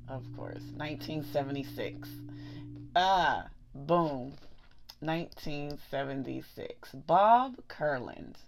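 Vlogger woman, Pittsburgh accent, gravelly and rambling, chuckles a lot. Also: low-pitched. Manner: rambling, thinks aloud, chuckles often. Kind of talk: casual talk to camera.

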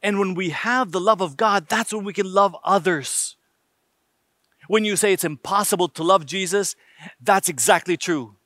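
A man's voice: sits high, normal speed, bright, forceful tone, no echo, clean studio sound. A man preaching a sermon emphatically, using rhetorical questions and numbered points.

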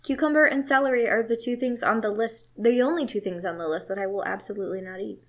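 A woman's voice: on the high side, fast talker, muffled recording. A woman co-hosting a casual book podcast over drinks, chatty and playful. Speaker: podcast co-host.

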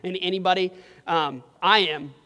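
High-voiced young preacher. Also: male voice, fairly even intonation, moderate pace, pushed and bright. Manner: casual storytelling with frequent "like" and "um". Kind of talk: sermon. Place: church hall. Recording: long reverb of a hall.

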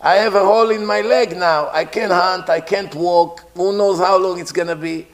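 A man voicing an angry king who taunts his servant loudly in a told story. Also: high voice, steady tone, moderate pace. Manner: taunting, loud and scornful.

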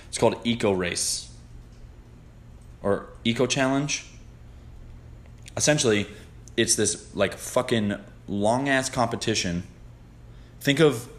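A man's voice: on the low side, a bit bright. Profane, rambling podcast guy. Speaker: podcast host. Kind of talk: casual podcast chat.

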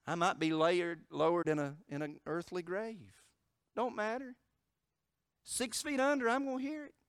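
A man preaching a sermon as pastor, moving from loud emphatic declarations to hushed storytelling. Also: sits high, normal speed, clear, resonant tone, no room sound, studio quality.

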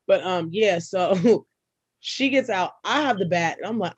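A young woman, a podcast co-host, telling a personal story in casual, profane chat and breaking into loud, laughing outbursts. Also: mid-range voice, lively intonation, unhurried, slightly rough, no room sound, lo-fi sound.

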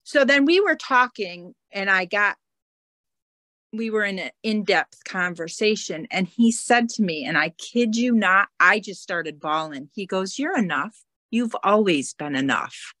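A woman on a podcast telling a personal story in a halting, emotional way, close to tears. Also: mid-range voice, lively intonation, sharp tone, dry recording. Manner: tearful, halting, repeats words. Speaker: podcast guest.

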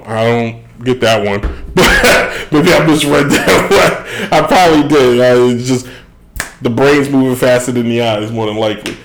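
Man hosting live sports talk, fairly high voice, digressive and self-correcting. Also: a bit bright, rough recording. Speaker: sports show host.

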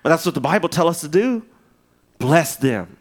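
A man preaching a sermon in a loose, conversational way, with restarts and asides, swinging from loud emphasis to hushed, and in his speech. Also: a little high, animated, normal speed. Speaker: pastor.

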